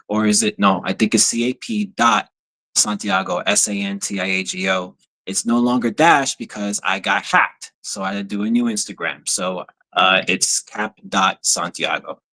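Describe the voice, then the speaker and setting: A man's voice: fairly low pitch, bright, forceful tone. A man talking as a guest on a casual podcast, answering in short, plain replies. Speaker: guest cosplayer. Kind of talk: casual chat.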